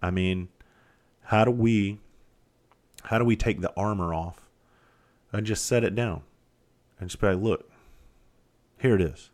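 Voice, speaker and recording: A middle-aged former firefighter hosts a podcast, telling stories from his firefighting days in a candid, profane, casual monologue. His voice is fairly low and a little mellow, with a measured pace and frequent pauses.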